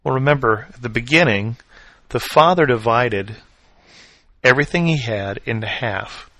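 A man preaching a sermon, retelling a Bible story with expressive swings from loud emphasis to quiet reflection. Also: medium pitch, normal speed, no room sound. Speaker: pastor.

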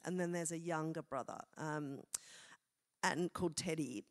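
Woman, 40s, live podcast co-host; loose, chatty, rambling delivery. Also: sits low. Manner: chatty, rambling, with many fillers and self-interruptions. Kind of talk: casual chat on stage. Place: theatre stage, live show.

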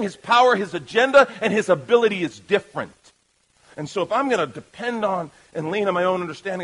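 A male pastor delivers a sermon in a high-pitched voice. He is lively and playful with the congregation, shifting from loud calls to soft, quiet asides. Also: poor audio.

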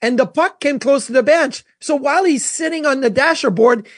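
High-voiced animated hockey storyteller man. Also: normal speed, no room sound, studio quality. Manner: animated storyteller, lots of restarts. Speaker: co-host and former goalie. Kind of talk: casual sports talk.

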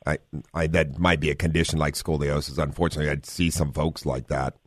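A man's voice: extremely low pitch, little pitch movement, fairly quick, no room sound, studio quality. An older man hosting a radio talk show, easygoing and laughing along with a caller. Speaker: radio host.

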